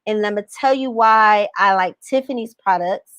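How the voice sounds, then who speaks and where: A woman's voice: medium pitch, normal speed, fairly bright tone, no echo, dull audio. A woman coaching business owners on a livestream, talking emphatically, repeating her points and firing questions at viewers. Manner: emphatic, repeats phrases, asks the audience questions. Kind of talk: livestream talk reading viewer comments.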